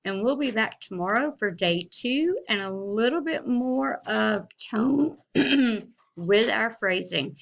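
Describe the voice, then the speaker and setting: A woman teacher, talking slowly and deliberately to her class in a recorded reading lesson. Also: fairly high pitch, lively intonation, vocal fry, low-quality recording. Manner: slow, deliberate teacher talk, reads aloud with rising and falling expression.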